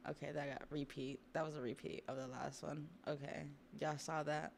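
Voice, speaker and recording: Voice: mid-range voice, level tone, normal speed, creaky, slight background noise. A streamer casually recapping a comic on a livestream, with laid-back slang, laughter and swearing.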